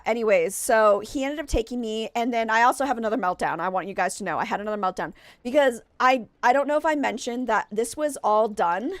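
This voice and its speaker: Chatty streamer lady rambling to chat, kinda high voice, super dry mic. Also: no room sound. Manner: rambling, chatty, heavy use of "like" and "um"; greets and thanks chat warmly. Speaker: game streamer. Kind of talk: casual live-stream chat and storytelling.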